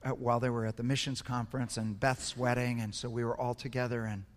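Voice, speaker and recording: A man's voice: medium pitch, little pitch movement, quick pace. An older man preaching a sermon, telling a personal story in an earnest, emotional way with frequent repetitions. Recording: echoey hall.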